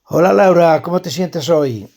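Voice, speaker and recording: A man reading a scripted dialogue as a calm, friendly man who reassures a friend. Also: fairly high pitch, moderate pace, vocal fry. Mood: supportive. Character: friendly adult man chatting calmly.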